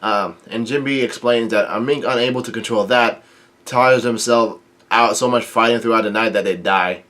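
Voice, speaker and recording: Man, casual manga recap vlogger, halting delivery full of ums, mid pitch. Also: a bit bright. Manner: halting, with frequent ums and restarts. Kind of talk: casual chapter reading and recap.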